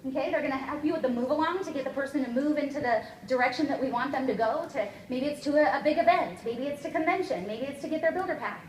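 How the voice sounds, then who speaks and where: High-voiced woman rallying a seminar crowd. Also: quick pace, few pauses, a little hiss or hum. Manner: energetic, emphatic, keeps checking in with "okay?" and "guys". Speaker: network marketing trainer. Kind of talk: motivational seminar talk. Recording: echoey room, voice from far off, faint ambience.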